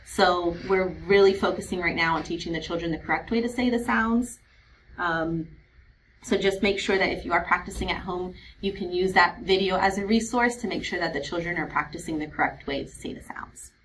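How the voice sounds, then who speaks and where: Woman, kindergarten teacher, patient explainer, slows to model sounds, faint background hiss. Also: fairly low pitch, a bit bright, low-quality recording. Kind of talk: instructional video for parents.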